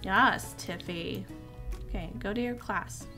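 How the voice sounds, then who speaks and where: Chatty excitable woman narrating gameplay. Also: mid-range voice, slow, soft background music. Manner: chatty and excitable, reacting aloud to the game. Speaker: gaming video creator. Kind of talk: casual let's-play commentary.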